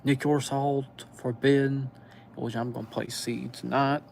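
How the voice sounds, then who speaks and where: A man with a Southern US accent chatting on a live stream, pausing often as he recalls band names. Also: medium pitch, little pitch movement, vocal fry, darkish tone. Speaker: metal music streamer. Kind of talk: casual live stream chat.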